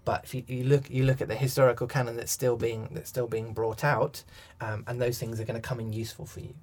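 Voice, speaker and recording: A man's voice: mid-range voice, flat delivery, fast talker. A man, a coach, answering interview questions thoughtfully with frequent restarts and ums. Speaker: accent coach.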